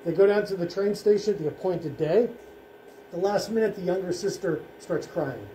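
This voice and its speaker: A man, a rabbi, giving a solemn presentation at a school in short, measured phrases. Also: high-pitched, warm tone, slight background noise. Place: school room. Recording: echoey room, faint ambience.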